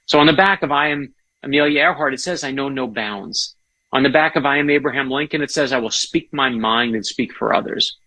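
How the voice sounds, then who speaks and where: A man's voice: medium pitch, a little fast, bright, forceful tone. A man, an author and guest, telling history stories enthusiastically in casual interview chat. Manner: enthusiastic, storytelling.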